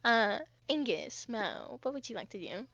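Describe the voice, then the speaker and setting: A woman's voice: a little high, very animated, a little slow, creaky, a bit bright, no echo, muffled recording. A woman narrating as game master of a tabletop game, chatty and rambling with many fillers.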